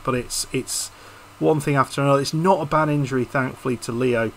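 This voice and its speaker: A man's voice: mid-range voice, fairly even intonation, a little fast, fairly bright tone, slight background noise, low-quality recording. A man commentating casually over a football management video game, frustrated and hesitant, often restarting his sentences. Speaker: YouTube gaming host.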